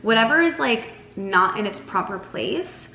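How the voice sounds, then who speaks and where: A woman's voice: lively intonation, a little slow, creaky, pushed and bright. Chatty young woman vlogger in echoey room. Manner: chatty, lots of "like", mocks herself in a whiny high voice. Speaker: lifestyle vlogger. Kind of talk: casual direct-to-camera advice. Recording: roomy echo with faint music.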